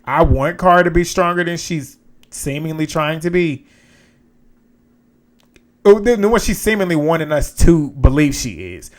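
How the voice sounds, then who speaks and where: A man's voice: a little high, animated, normal speed, long pauses. A man giving casual, frank commentary as host of a reality TV recap, blunt and sometimes profane.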